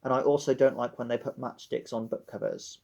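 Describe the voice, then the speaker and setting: A man's voice: mid-range voice, fairly even intonation, fairly quick, a little mellow. A young man vlogging about books in a dramatic, sardonic way. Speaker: book vlogger. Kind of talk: casual book vlog.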